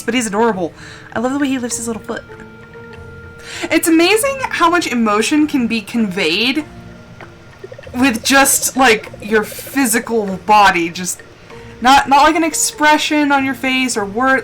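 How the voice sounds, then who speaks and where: High-voiced woman cheering on her game. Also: expressive, moderate pace, a bit bright. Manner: talks to herself, cheering and pleading with the game. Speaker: gaming streamer. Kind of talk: live gameplay commentary. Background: game music.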